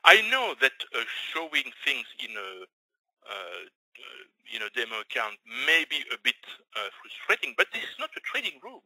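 A man's voice: medium pitch, huge pitch swings, moderate pace, bright, forceful tone, no echo, low-quality recording. Belgian man teaching live trading. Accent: Belgian French. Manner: explanatory, with frequent fillers and restarts. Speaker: trading educator. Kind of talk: live screen-share trading lesson.

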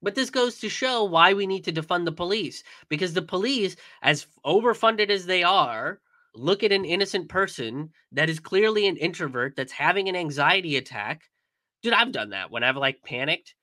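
A man's voice: sits high, animated, moderate pace, sharp tone, no room sound. A young man commenting in a casual stream, angry and profane, with many fillers and restarts.

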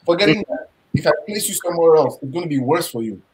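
A man's voice: fairly high pitch, animated, quick pace, darkish tone, slight background noise, poor audio. A man from Nigeria with a Nigerian accent, a guest on a live panel discussion, speaking emphatically and proudly and telling stories in which he acts out both sides.

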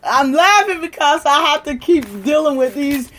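A woman hosting a livestream, lecturing and challenging viewers in a combative way, moving from shouting to quiet muttering. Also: high-pitched, normal speed, slight background noise. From United States. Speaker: livestream host. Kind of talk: live-stream rant to viewers.

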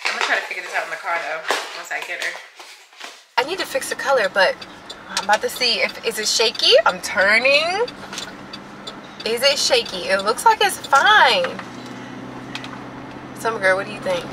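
A woman and mom of three vlogging casually to her viewers, chatty and animated, laughing often, filming on a phone from her car and out shopping. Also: mid-range voice, moderate pace, long pauses, noisy background. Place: in a car, later inside a large store. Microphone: phone on a car mount.

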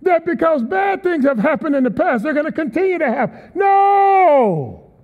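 A man's voice: very high voice, lively intonation, brisk. A man preaching a sermon as guest speaker, emphatic, with call-and-response to the congregation. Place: large church auditorium. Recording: tinny sound in a long-reverb hall.

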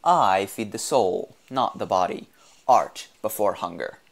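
A man voicing an insane half-man, half-machine male sculptor who speaks in a grandiose, theatrical, drawn-out way. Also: lowish voice, vocal fry. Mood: rapturous.

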